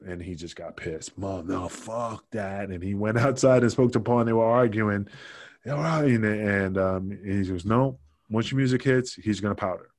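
A man spins a backstage story in a casual, animated way, jumping into other people's voices and cursing as he quotes them. His voice sits on the low side. The sound is dry and close. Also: normal speed, no room sound. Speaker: podcast guest.

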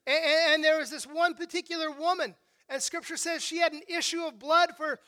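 An emphatic preacher delivers a sermon, frequently asking "right?" and starting phrases over. The voice is high and bright. The delivery swings between hushed and raised passages. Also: steady tone, fairly quick. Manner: emphatic, with frequent rhetorical "right?" checks and repeated restarts.

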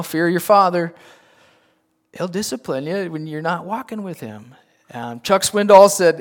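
A man preaching a sermon in a conversational style, often checking in with the listeners with quick asides. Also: fairly high pitch. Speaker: pastor.

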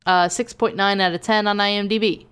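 Clear-voiced woman reading podcast notes. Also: medium pitch, steady tone, fairly quick, a bit bright. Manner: reads listings then banters. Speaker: podcast co-host. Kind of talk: casual podcast chat, reading episode summaries.

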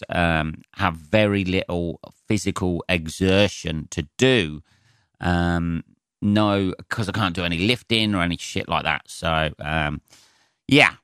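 Sweary deep-voiced English comedian rambling. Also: male voice, a bit bright, smooth, no room sound, studio quality. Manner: sweary, rambling, self-mocking. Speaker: comedian and podcast host. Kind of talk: casual solo podcast monologue.

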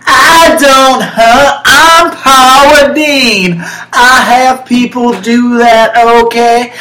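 A woman's voice: sits high, steady tone, drawn-out words, sharp tone, voice pushed up, heavily acted. A woman doing a comedy impression of a brash older Southern woman TV cook, talking in a folksy, bossy drawl. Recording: roomy echoey room.

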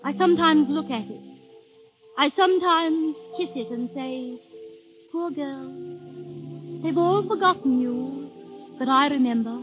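A weary, wistful spinster. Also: female voice, sits high, unhurried, rough recording. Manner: theatrical, emotional. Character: weary spinster woman in her thirties, longing for lost youth. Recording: music under the scene.

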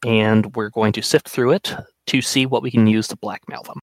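A man playing a tabletop game, talking in a slow, deliberate, scheming way. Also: lowish voice, steady tone, no room sound. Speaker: player.

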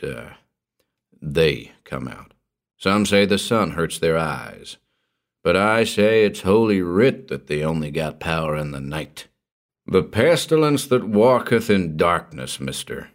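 A man voicing a superstitious old backwoods hermit, in a slow rustic drawl that keeps dropping to a hushed, ominous tone. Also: low-pitched, sing-song, full character voice.

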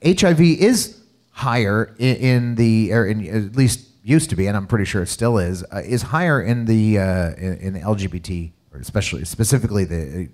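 A man hosting a casual chat, rambling with many restarts and quick laughs. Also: lowish voice, lively intonation, a little mellow.

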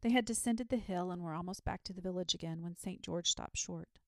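A woman reading a children's story aloud in a gentle, measured bedtime style. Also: on the low side, dry recording.

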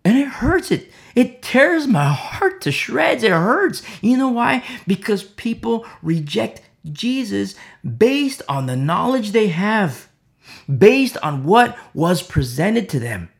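A man's voice: high-pitched, very animated, slow pace, vocal fry. A man preaching an informal sermon, impassioned and rambling, with many fillers and repeated phrases.

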